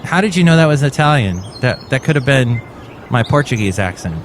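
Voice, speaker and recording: A man's voice: medium pitch, lively intonation, brisk. Podcast guy rambling on, sarcastic and goofy, mid voice, a bit of hiss behind. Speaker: podcast host. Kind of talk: rambling comedy podcast chat.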